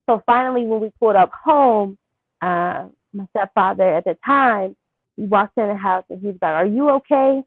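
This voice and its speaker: A young woman interviewed as a guest, telling a personal story softly and haltingly, with many fillers. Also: medium pitch, no room sound. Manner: soft-spoken, halting with fillers. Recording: thin phone-like line.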